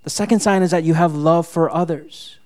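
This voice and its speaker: This pastor's voice is fairly high, brisk and somewhat dark in tone. Telling a personal story from the pulpit, he leans on fillers and the tag "right?", working himself up to exasperated outbursts.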